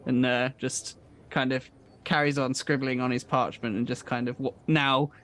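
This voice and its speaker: A man's voice: mid-range voice, flat delivery, moderate pace, fairly bright tone. A man narrating an improvised tabletop game as dungeon master, describing scenes hesitantly with many fillers.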